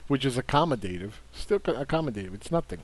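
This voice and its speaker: A man talks through a market overview with a combative, dismissive edge. His voice sits at an ordinary middle pitch. He leans on repeated words to drive his points home. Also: animated, quick pace. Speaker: investing commentator. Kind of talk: casual market commentary.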